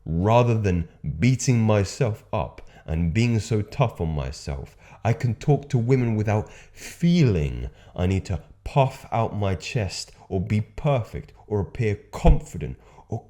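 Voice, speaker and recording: Young male self-help coach, deep mellow voice, very animated delivery, earnest and swears freely. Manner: earnest and emphatic, swears casually. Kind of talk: motivational monologue.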